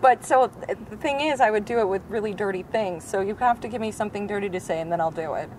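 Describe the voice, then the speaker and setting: A woman's voice: medium pitch, quick pace, darkish tone, a little hiss or hum, rough recording. A woman co-hosting a podcast, chatting casually and rambling between laughs, recorded outdoors on a rooftop. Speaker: podcast co-host. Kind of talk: casual chat.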